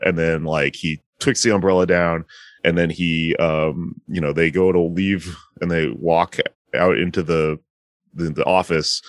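Man, very low voice, casual chat, rambling with fillers, dry recording. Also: level tone, unhurried, dry recording. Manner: rambling, filler-heavy retelling with acted-out quotes. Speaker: friend recapping a movie.

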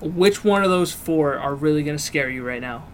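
High-voiced chatty male podcaster. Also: moderate pace, a little hiss or hum. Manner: chatty, profane, laughs easily. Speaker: podcast co-host. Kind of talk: casual podcast banter.

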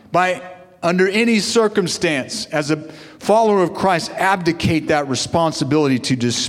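A male pastor preaching a sermon to fathers, with call-and-response asides to his congregation. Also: a little high. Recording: long hall reverb.

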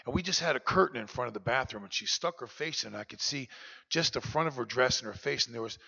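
A man's voice: mid-range voice, lively intonation, quick pace, vocal fry, sharp tone, slightly rough. A man giving a personal, confessional recovery talk as keynote speaker at a conference luncheon. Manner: earnest, confessional storyteller. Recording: dull lo-fi recording, long hall reverb.

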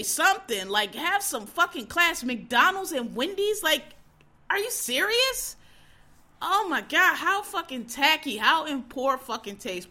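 A woman host ranting in a casual, profane, exasperated way, swinging between loud outbursts and low muttering. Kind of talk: casual opinion rant.

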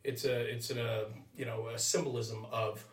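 A firefighter reflecting earnestly in a casual podcast discussion, with lots of filler words. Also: male voice, medium pitch, flat delivery, normal speed. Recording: roomy sound, distant from mic.

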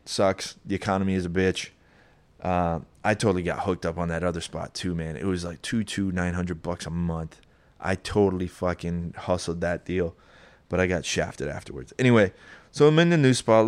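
A young man telling a personal story in a casual, rambling, profane way, getting animated as he retells it. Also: lowish voice, clear, resonant tone.

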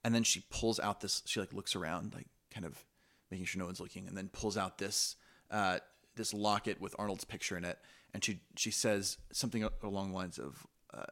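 A man co-hosting a podcast, talking in an animated, excitable, joking way. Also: low-pitched, fairly quick. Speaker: podcast co-host. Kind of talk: casual review chat.

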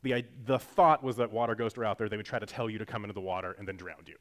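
A man's voice: on the low side, steady tone, very fast. A man preaching a sermon in a casual, jokey teaching style, acting out quotes as he goes. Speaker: pastor.

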